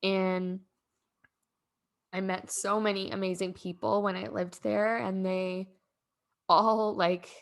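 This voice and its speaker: A woman's voice: mid-range voice, flat delivery, slow, creaky, long pauses. A young woman hosting a podcast, telling a personal story in a casual, rambling, heartfelt way, full of "like" fillers and close to tears at times. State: emotional, near tears. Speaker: podcast host.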